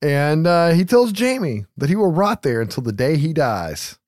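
A man's voice: on the high side, normal speed, no echo, studio quality. A man casually recapping a film plot, swearing freely and laughing as he tells it. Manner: profane, animated storytelling with laughs. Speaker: podcast host recapping a film. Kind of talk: casual chat.

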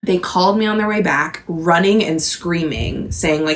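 A woman's voice: on the low side, moderate pace. A woman in her thirties co-hosting a podcast, chatting casually and laughing often, with lots of fillers. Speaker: podcast co-host. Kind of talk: casual chat.

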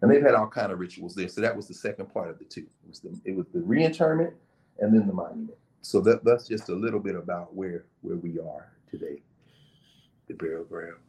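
Animated man explaining a place. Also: sits low, quick pace. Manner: animated, storytelling, acts out quotes. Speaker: guest. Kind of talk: casual explanation.

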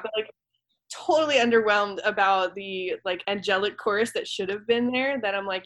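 A woman's voice: a little high, normal speed, fairly bright tone. A woman co-hosting a casual chat, opinionated and teasing. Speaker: podcast co-host.

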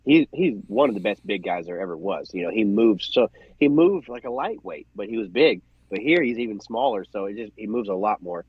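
A husky man chats in a relaxed, agreeable way, backing up his co-host. His voice comes through a dull, lo-fi mic in a dry space. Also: fairly low pitch, a little fast, hardly any pauses, dry recording. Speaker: podcast co-host. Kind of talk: casual chat.

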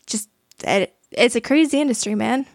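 A woman's voice: a little high, moderate pace, vocal fry, no room sound, studio quality. A young woman co-hosting a podcast in casual chat, explaining things at length with plenty of "like". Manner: chatty, explains with lots of likes. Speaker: podcast co-host.

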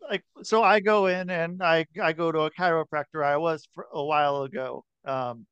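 A man's voice: fairly high pitch, fairly even intonation, moderate pace, a bit bright, clear, resonant tone, no room sound, dull audio. A man hosting a podcast, chatting casually with a guest, swearing freely and restarting his sentences. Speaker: podcast host. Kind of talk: casual interview chat.

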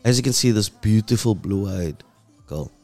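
A man with a South African accent hosting an emotional commentary monologue, impassioned and dropping low and soft when moved. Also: lively intonation, unhurried, soft background music. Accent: South African English. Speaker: host.

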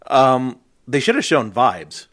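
A man's voice: mid-range voice, big pitch swings, takes it slowly, a bit bright. Blunt man with short emphatic remarks. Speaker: podcast co-host. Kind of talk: casual chat.

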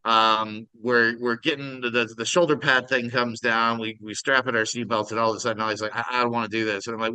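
A man's voice: medium pitch, fast, few pauses, sharp tone, clear, resonant tone, no room sound, poor audio. A middle-aged man co-hosting a casual podcast over a video call, telling a story animatedly and acting out the voices in it. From Minnesota. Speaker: podcast co-host.

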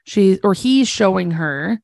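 A woman podcast co-host chatting casually about a TV episode. Her voice is mid-pitched with plenty of vocal fry. She is wry and laughs often, and the sound is dry and close. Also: lively intonation, slow pace, darkish tone, dry recording. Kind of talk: casual chat recapping a TV episode.

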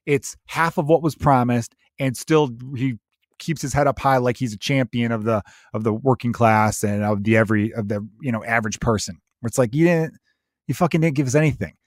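A man's voice: medium pitch, fairly quick, no echo, studio quality. A man, a comedian, giving a profane, ranty and digressive podcast monologue.

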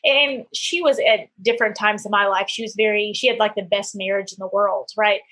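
A middle-aged woman hosts a podcast in a casual conversational interview, sharing personal anecdotes with plenty of fillers. Her voice is medium-pitched, steady, brisk, and a bit bright.

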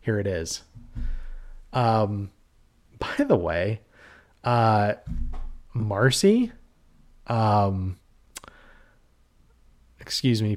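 On a casual horror film review podcast, a co-host with a lowish, darkish male voice goes off on a heated rant. He swears and leans heavily on fillers.

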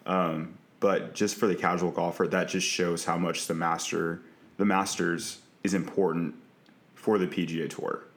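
Deep voiced young guy on a golf podcast, chill and agreeable, repeats himself a lot. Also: flat delivery, normal speed. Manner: easygoing, agreeable, repeats words. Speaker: podcast co-host. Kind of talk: casual chat.

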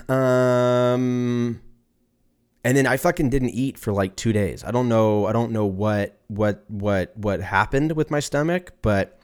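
A man's voice: medium pitch, a little mellow, clean tone. A man in his thirties hosting a podcast on his own, rambling, swearing casually and laughing at his own jokes. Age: 30s. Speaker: podcast host. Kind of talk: casual solo podcast chat.

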